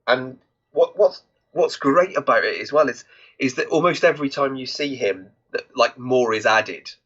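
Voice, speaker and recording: A man co-hosting a film podcast, talking casually and haltingly, with many restarts as he searches for words. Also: medium pitch, a bit bright, breathy edge. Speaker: podcast co-host. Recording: dull, lo-fi sound.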